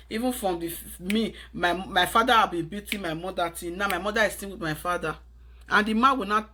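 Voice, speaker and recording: A Nigerian woman talking straight to her audience, urgent and preachy, with pidgin phrases. Her voice is bright and carries, at a middle pitch for a woman. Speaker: vlogger giving advice. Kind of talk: earnest advice monologue to camera.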